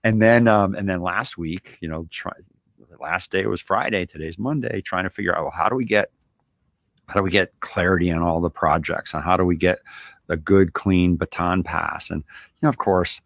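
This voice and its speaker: A man's voice: low-pitched, moderate pace, vocal fry, fairly bright tone, no room sound. A man hosting a show, giving a casual coaching monologue in a loose, conversational way with lots of filler. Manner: loose, conversational, lots of "you know" and "right?". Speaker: business owner and show host.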